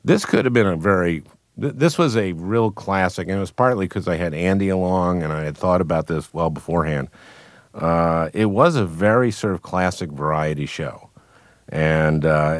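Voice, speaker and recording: A man, a guest comedian, telling anecdotes in a radio interview, with halting restarts and chuckles. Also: deep voice, dry recording, studio quality.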